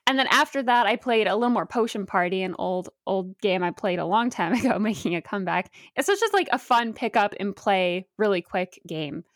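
A woman's voice: medium pitch, brisk, few pauses, no room sound, clean studio sound. A young woman co-hosting a podcast, chatting casually and upbeat, laughing often. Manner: giggly, upbeat, animated storytelling. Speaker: podcast co-host. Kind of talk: casual chat.

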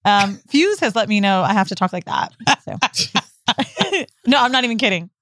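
Animated woman podcast co-host. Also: mid-range voice, normal speed, no room sound. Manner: animated storyteller, swears, acts out quotes. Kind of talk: casual podcast storytelling.

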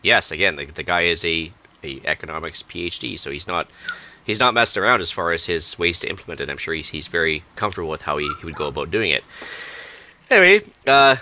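A man's voice: low voice, animated, fast, sharp tone. A man co-hosting a casual podcast, rambling and hunting for words with plenty of fillers. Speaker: podcast co-host.

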